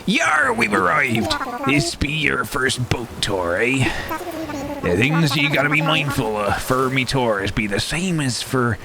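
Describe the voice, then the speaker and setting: A man voicing a gruff old male sea-turtle boat captain who talks like a pirate. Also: mid-range voice, big pitch swings, takes it slowly, crowd noise, full character voice. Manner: pirate-like seafaring talk. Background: game music.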